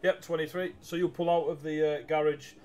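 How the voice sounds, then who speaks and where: A man's voice: a little high, fairly even intonation, brisk, a little mellow. A man narrating a tabletop game as game master, rambling with many ums and uhs over a video call mic.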